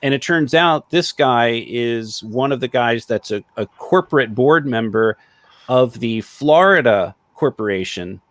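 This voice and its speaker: A man's voice: medium pitch, expressive, unhurried, fairly bright tone, dry recording. A man in casual livestream discussion, explaining at length with many fillers and small laughs, over a video call.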